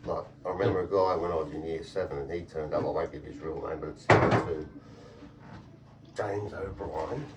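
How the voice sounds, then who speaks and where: Sweary australian bloke telling stories. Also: male voice, very deep voice, steady tone, a little fast, very noisy. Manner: swearing, laughing, blunt. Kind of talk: casual storytelling chat. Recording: echoey room, voice picked up from a distance.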